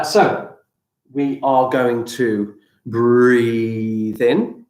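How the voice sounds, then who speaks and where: A man teaching children breathing exercises during a live stream, giving slow, gentle, step-by-step instructions. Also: mid-range voice. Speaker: primary school teacher. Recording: echoey room.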